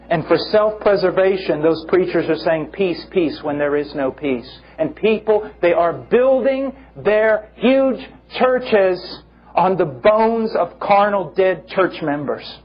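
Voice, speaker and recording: Male preacher, fervent and emphatic, husky tone, lo-fi sermon audio. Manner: impassioned, emphatic preaching with swings in pitch.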